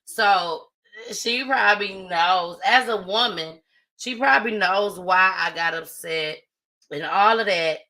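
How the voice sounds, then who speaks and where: Speaking slowly in a mid-range voice with a sharp edge, this woman hosts a live stream and chats to her audience in a heartfelt, casual way. The audio is rough.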